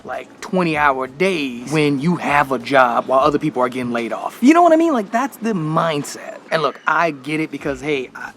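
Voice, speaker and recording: A man's voice: a little high, a bit bright, a little hiss or hum. An American man vlogging in a candid, reflective way, full of casual slang. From United States. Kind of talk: casual talk to camera.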